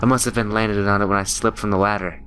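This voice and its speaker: A man's voice: lowish voice, fairly even intonation, quick pace, fairly bright tone, slight background noise. A young man playing a horror game, reading its story aloud dramatically with joking asides. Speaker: gaming YouTuber. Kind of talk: reading a visual novel aloud with commentary.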